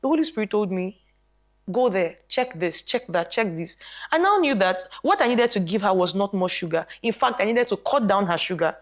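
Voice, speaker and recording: Casting: woman guest on a faith talk panel, lively storyteller, mid-pitch. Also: moderate pace. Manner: animated storytelling, quotes people. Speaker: guest health practitioner.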